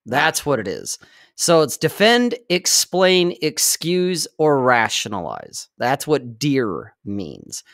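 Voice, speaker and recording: A man's voice: mid-range voice, huge pitch swings, slow pace, vocal fry, a bit bright, dry recording, studio quality. A man in his forties chatting casually, blunt and profane, hammering his points home. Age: 40s. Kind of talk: casual chat.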